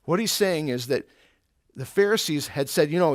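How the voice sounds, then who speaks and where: A man's voice: on the high side, animated, moderate pace, dry recording, clean studio sound. A man teaching an eighth-grade Bible lesson in a conversational way, explaining with everyday examples and asking rhetorical questions.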